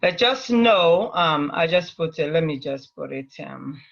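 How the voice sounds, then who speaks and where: A man teaching a language online, patiently repeating words slowly so his students can copy them, heard over a video call. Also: on the high side, expressive, vocal fry, fairly bright tone, lo-fi sound.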